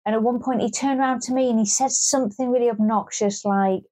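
A woman's voice: a little high, fairly even intonation, quick pace, dark tone. Chatty woman, wry grumbling. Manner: chatty, wry and grumbling, with frequent restarts and swearing. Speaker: podcast co-host. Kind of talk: casual chat.

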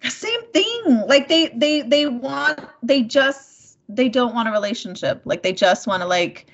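A woman in her thirties in casual chat, telling a dating story in a rambling, animated way, full of "like" and swearing. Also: fairly high pitch, measured pace. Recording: dull lo-fi sound.

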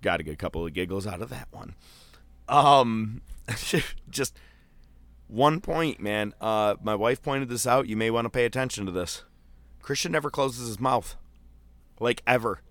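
A man chatting casually as a podcast co-host, telling a loose, profane story full of fillers and jumping into animated quoted voices. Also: unhurried, pauses often, dry recording. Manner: animated, jumps into high-pitched quoted voices. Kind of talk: casual chat.

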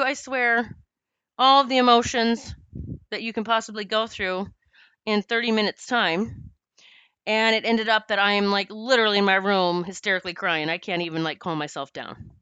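A woman podcast host telling a personal story in an emotional, animated way. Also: on the high side, smooth, no room sound, muffled recording.

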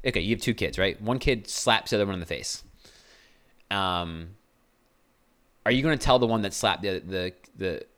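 A man's voice: fairly low pitch, fairly bright tone. A young man hosting a podcast, talking blunt and earnest in a casual motivational monologue. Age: young adult. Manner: blunt and earnest, self-described aggressive tone. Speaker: podcast host.

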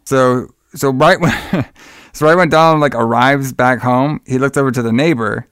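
A man's voice: mid-range voice, moderate pace, a bit bright, smooth, dry recording, studio quality. A man in casual chat, retelling the plot of a film in a rambling way and acting out lines, often saying "all right.". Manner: rambling retelling, acts out quotes, says "all right" a lot.

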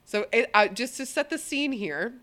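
A woman hosting a podcast in casual chat, animated and swearing casually. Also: fairly high pitch, normal speed. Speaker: podcast host.

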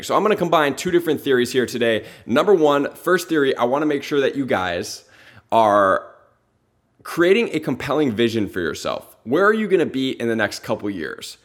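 A man hosting a motivational talk show, speaking earnestly with many rhetorical questions and casual "like" fillers. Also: mid-range voice. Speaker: host.

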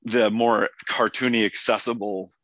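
A man with a hoarse voice hosting a podcast, chatting enthusiastically about an episode with many restarts. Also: fairly low pitch, level tone, a little slow, a bit bright, dry recording. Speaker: podcast host. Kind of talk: casual episode discussion.

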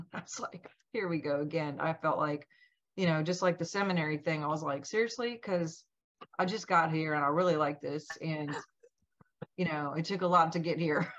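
A woman guest in an interview telling a personal story in a lively way, acting out what each person said. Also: deep voice, normal speed. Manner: animated, acts out quoted dialogue. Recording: dull lo-fi sound.

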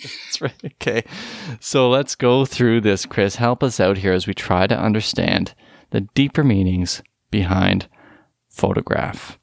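Casting: male podcast co-host, low gravelly voice, close and dry mic, relaxed lead. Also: unhurried, dry recording. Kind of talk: casual music podcast chat.

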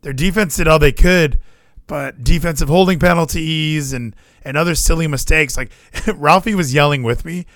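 A man's voice: fairly high pitch, normal speed, no room sound. A young man, co-host of a podcast, talking about his football weekend in casual chat, swearing and restarting often. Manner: animated, swears, frequent fillers and restarts.

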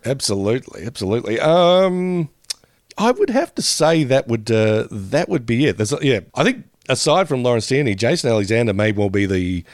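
A man co-hosting a casual podcast, talking in loose, rambling asides. His voice sits at an ordinary pitch. The sound is dry and close to the mic. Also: big pitch swings, no echo. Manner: rambling, laughs often, drifts into quick impressions. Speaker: podcast co-host. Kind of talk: casual chat.

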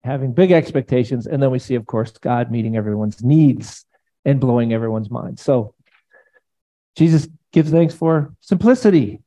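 Gravelly, mellow-voiced preaching man. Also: mid-range voice, muffled recording. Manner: animated, rambling, voices prayers aloud. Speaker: pastor. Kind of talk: casual conversational teaching.

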